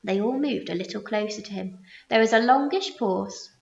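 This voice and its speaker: A woman teacher reading a children's story aloud with expressive storytelling. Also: mid-range voice, moderate pace, vocal fry. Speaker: primary school teacher. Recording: roomy muffled recording.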